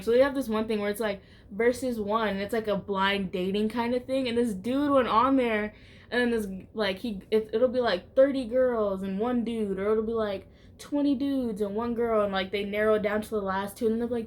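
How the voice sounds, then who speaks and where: A woman YouTuber chatting casually to camera in a vlog, rambling from thought to thought with a steady stream of "like" fillers. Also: on the high side. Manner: rambling, heavy use of "like" fillers.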